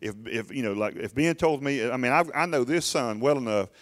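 A man's voice: mid-range voice, lively intonation, fairly quick. Emphatic middle-aged man preaching. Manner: emphatic, urging listeners, with frequent restarts. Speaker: pastor. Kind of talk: sermon. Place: church.

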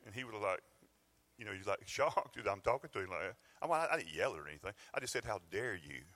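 A man's voice: lowish voice, sing-song, quick pace, a bit bright. A middle-aged man preaching a sermon in a church, folksy and conversational with bursts of emphasis. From Georgia, US. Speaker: pastor. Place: church sanctuary.

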